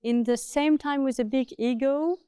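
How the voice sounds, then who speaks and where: A woman with a French accent speaks in relaxed, conversational English, slowing down to search for her words. Her voice sits fairly high but has a mellow, smooth tone. The sound is close and dry. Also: no echo. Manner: thoughtful, searching for words with many "uh" pauses. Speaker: horse trainer. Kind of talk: casual conversation.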